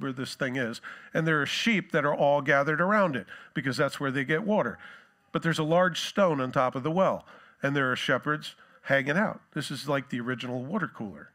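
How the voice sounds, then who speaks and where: A male pastor preaching a sermon in a relaxed, conversational way with joking asides. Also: on the high side.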